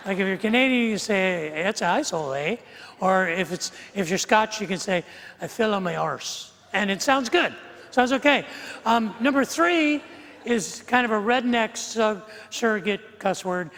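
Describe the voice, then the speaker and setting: A man's voice: high-pitched, a bit bright. A middle-aged man preaching a sermon as pastor, in a humorous, conversational way. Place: church sanctuary. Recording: long reverb of a church hall.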